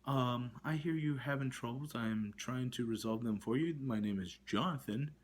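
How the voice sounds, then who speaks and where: A man putting on the voice of an overly polite male call-center agent, soft and sugary. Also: medium pitch, normal speed, a little hiss or hum, natural voice.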